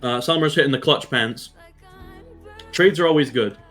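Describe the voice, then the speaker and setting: A man's voice: mid-range voice, normal speed, a bit bright, soft background music. Blunt man coaching a team. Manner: direct, blunt, swears, keeps checking in with "yeah?" and "okay?". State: has the hiccups. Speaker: esports coach. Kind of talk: team VOD review.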